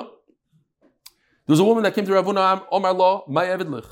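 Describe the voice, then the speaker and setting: A man teaching a daily Talmud class, mixing Hebrew and Aramaic terms into lively English explanations. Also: normal speed. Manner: animated, jumping pitch and pace.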